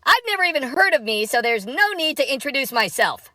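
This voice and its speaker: A woman's voice: sits high, sing-song, fairly quick, sharp tone, no room sound, clean studio sound, exaggerated voice. A woman playing a sarcastic, mock-cheerful convention announcer in a comedy sketch.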